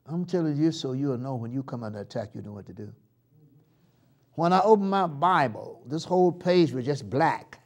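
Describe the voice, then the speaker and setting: A man preaching a live church sermon, swinging from loud shouts down to hushed murmurs and leading the congregation in call-and-response chants. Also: mid-range voice, expressive, normal speed. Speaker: pastor. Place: church sanctuary.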